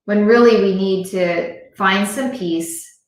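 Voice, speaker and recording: A woman's voice: mid-range voice, slow. A woman giving an earnest motivational talk on a live stream, speaking straight to her viewers and repeating her points for emphasis. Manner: earnest, repetitive, direct address to viewers. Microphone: device camera on a live stream. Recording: very echoey room sound.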